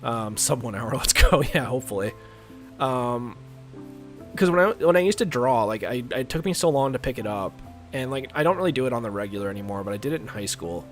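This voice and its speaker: A man's voice: mid-range voice, animated, fairly quick, faint music behind. A young man streaming a game, chatting casually with viewers in a rambling, filler-heavy way, his voice a little congested. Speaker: gaming streamer. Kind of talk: casual live-stream chat while playing.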